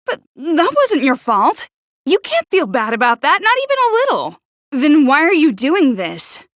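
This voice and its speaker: A woman voicing a prickly, sharp-tongued teenage girl in a video game, who stutters when flustered. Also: high-pitched, wildly swooping pitch, unhurried, dry recording, clean studio sound, full character voice. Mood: exasperated. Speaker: game character.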